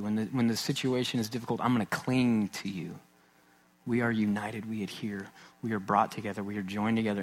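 A man in his thirties, a pastor, preaching a sermon in an earnest, conversational way, acting out little anecdotes and dropping to soft, intense emphasis. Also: fairly low pitch.

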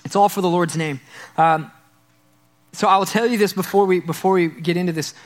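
High-voiced earnest preacher man. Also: fairly even intonation, fairly quick. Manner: earnest, repeats key phrases, stumbles over repeated words. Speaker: pastor. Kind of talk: sermon.

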